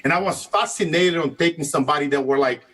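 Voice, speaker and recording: Animated Brazilian man with a husky voice. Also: fairly high pitch, quick pace, poor audio. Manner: animated, laughs often, non-native grammar. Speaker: guest, sales and life coach. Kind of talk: casual storytelling interview.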